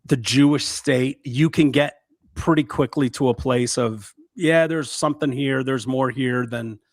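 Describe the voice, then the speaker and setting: A man's voice: medium pitch, measured pace, no room sound, clean studio sound. A man co-hosting a podcast in casual political chat, blunt and profane, laughing often. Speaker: podcast co-host.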